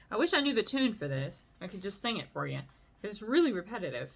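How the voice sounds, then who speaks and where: A woman reading a long poem aloud as a bedtime story, gently, with the odd casual aside. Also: medium pitch, very animated, fast talker, creaky.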